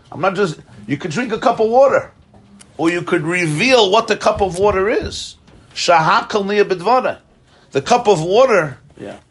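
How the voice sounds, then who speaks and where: A man's voice: a little high, husky. A man teaching a Torah class, explaining ideas animatedly, chuckling often and mixing in Hebrew terms.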